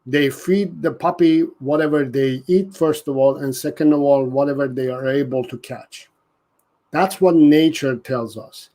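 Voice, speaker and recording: A man's voice: fairly high pitch, unhurried, dark tone. A man hosting a live dog-training Q&A, talking earnestly and often restarting his sentences. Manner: earnest, repeats and restarts, reads out viewer comments. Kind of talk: casual live-stream Q&A.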